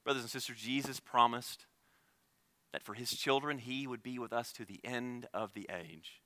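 Young male pastor, bright and forceful tone, dry sound; earnest sermon delivery with hushed dips. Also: mid-range voice, normal speed, no room sound. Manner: earnest preaching, shifts between loud emphasis and hushed tones.

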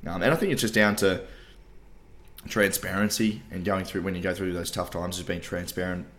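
Aussie bloke, low voice, casual and sweary, lots of "like" and "mate". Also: male voice, fairly even intonation, moderate pace, fairly bright tone. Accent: Australian. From Australia. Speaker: podcast co-host. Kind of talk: casual chat.

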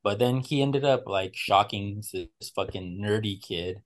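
A man's voice: on the low side, measured pace. A man hosting a casual podcast chat, telling stories animatedly with a lot of swearing and acting out his friends' lines.

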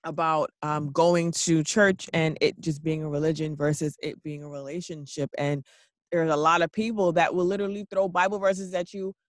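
A man hosting a casual talk, animated and laughing often as he recaps his guest's points. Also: a little high, normal speed, no room sound. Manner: animated, laughing, repeats "literally". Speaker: podcast host.

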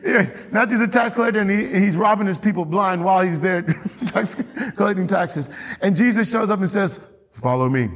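Husky-voiced man preaching in a reverberant church. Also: high-pitched, moderate pace. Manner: animated preaching with frequent laughs and rising emphasis. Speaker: pastor. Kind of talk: sermon. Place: church sanctuary. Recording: long hall reverb.

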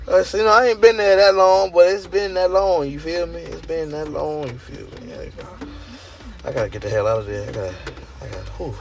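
Talking a little fast in a gravelly, slightly higher voice, a podcast host delivers a casual, cursing monologue about work with big energy swings between loud bursts and low mutters. Faint car and traffic noise carry through, since he's outside in the rain beside a parked car.

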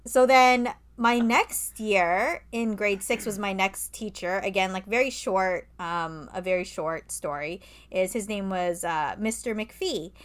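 A woman's voice: mid-range voice, a little slow, few pauses. A woman co-hosting a podcast in casual chat, talking freely with lots of fillers and the odd swear word. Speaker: podcast co-host.

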